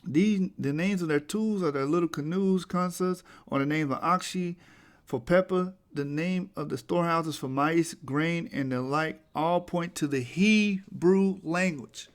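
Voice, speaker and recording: A man's voice: a little high, a little slow. Emphatic man lecturing over slides. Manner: emphatic, rising to forceful peaks; reads quotes aloud, restarts words. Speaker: presenter.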